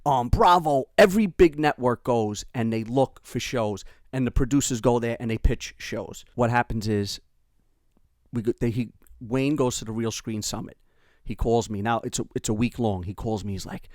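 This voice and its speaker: A middle-aged man with a New York accent, a podcast host telling a family story in animated casual chat and acting out the quotes. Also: mid-range voice, brisk, dry recording, studio quality.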